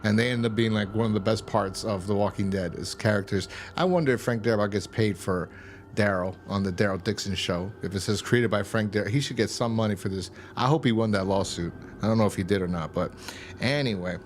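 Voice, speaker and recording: A man's voice: lowish voice, fairly quick, a little hiss or hum. A man casually recapping a TV episode in a rambling way, with many fillers and restarts. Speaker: TV episode reviewer.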